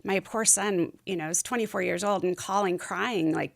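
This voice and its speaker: A middle-aged woman, guesting on a podcast, candidly tells her story in a casual interview, rambling a little and using lots of fillers. Her voice is gravelly and medium-pitched, at a moderate pace.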